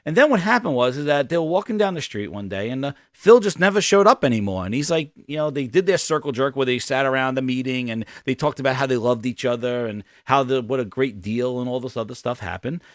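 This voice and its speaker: A man hosting a gaming podcast, telling a rambling, animated story in casual commentary. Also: medium pitch, quick pace, few pauses, no room sound, clean studio sound. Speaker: podcast host.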